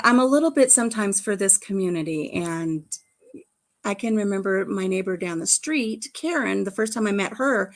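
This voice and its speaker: A middle-aged woman hosting a livestream, chatting casually, telling stories and answering the live chat. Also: mid-range voice. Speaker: livestream host.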